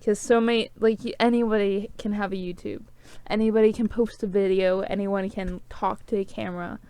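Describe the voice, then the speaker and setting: A woman's voice: medium pitch, steady tone, a little fast, dark tone, clean tone. A young woman vlogging to camera, sniffling and tearful, rambling with lots of "like" fillers. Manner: rambling, heavy use of "like". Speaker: small-channel vlogger. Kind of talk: rambling casual to-camera chat.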